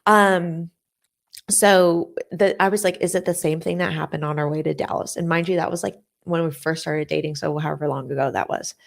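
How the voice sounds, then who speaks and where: A woman's voice: sits low, fairly even intonation, fairly quick, creaky. A woman in her thirties, a podcast co-host chatting casually, telling a long story that she acts out with quoted dialogue and frequent laughter. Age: 30s. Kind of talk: casual chat.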